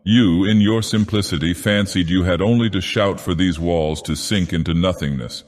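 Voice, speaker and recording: A man voicing a middle-aged gentleman who talks in a soothing, persuasive, genial manner. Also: deep voice, normal speed, natural voice. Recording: long reverb.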